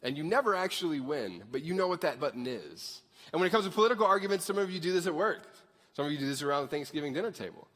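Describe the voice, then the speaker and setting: Animated high-voiced male pastor. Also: rapid-fire. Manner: animated, conversational, jokey. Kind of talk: sermon. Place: church sanctuary. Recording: reverberant church hall.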